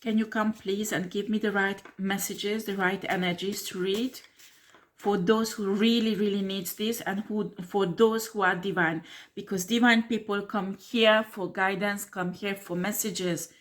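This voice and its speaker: A woman's voice: medium pitch, steady tone, a little slow. Blunt, swearing woman tarot reader. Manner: blunt, combative, swears and laughs scornfully; repeats "do you understand?" and "okay?". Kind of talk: tarot reading monologue to camera.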